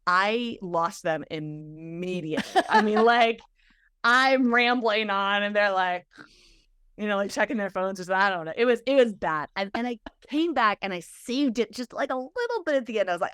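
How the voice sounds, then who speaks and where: A woman guest telling a story in conversation, animated and full of filler words. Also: mid-range voice, moderate pace, clear, resonant tone, no room sound, studio quality. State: emotional, near tears. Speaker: guest, stress physiologist and speaker.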